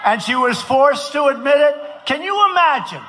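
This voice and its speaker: A man from the United States giving a campaign rally speech, shouting and repeating phrases for emphasis. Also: very high-pitched, very animated, moderate pace. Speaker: politician addressing a rally. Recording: rally recording with clear background noise.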